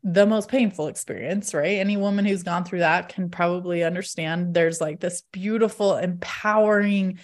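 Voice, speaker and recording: A woman's voice: lowish voice, steady tone, normal speed, hardly any pauses. A woman in her thirties vlogging, telling a personal story to her viewers in a candid, chatty way, laughing often and filling with "like".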